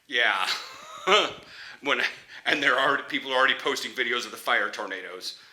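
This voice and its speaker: A man's voice: medium pitch, normal speed, sharp tone. A young man, a football player, chatting casually in a rambling way, restarting sentences and laughing often.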